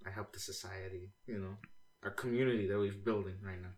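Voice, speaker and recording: A man's voice: on the low side, steady tone, fast talker. A man co-hosting a podcast in casual chat, goofy and rambling, laughing often. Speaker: podcast co-host.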